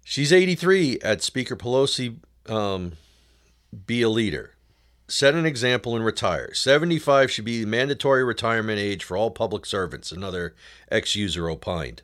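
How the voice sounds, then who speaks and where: A man's voice: medium pitch, big pitch swings, moderate pace, a bit bright. A male show host giving a sarcastic political commentary monologue, often calling his listeners folks.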